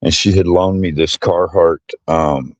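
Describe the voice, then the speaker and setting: Male interview guest, very low voice, hesitant, lots of ums, dry close sound. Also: steady tone, measured pace, no echo. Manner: hesitant, with many ums and uhs. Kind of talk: casual conversational interview.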